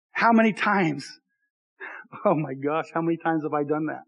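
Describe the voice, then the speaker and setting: A man's voice: fairly high pitch, normal speed, fairly bright tone. A man in his thirties, a pastor giving a conversational, self-deprecating sermon with frequent asides to the congregation.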